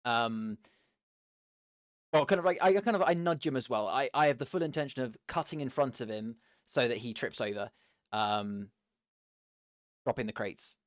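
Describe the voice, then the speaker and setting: A man's voice: moderate pace, long pauses, dry recording, studio quality. Hesitant man describing his moves. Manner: hesitant, full of fillers, lowers his voice. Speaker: player. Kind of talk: describing his character's actions.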